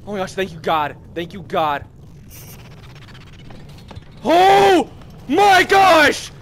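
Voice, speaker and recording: A man hosting a horror game let's-play, commentating as he goes, yelping and shouting at scares and muttering to himself in between. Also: high-pitched, huge pitch swings, extremely slow, a little hiss or hum. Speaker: gaming channel host.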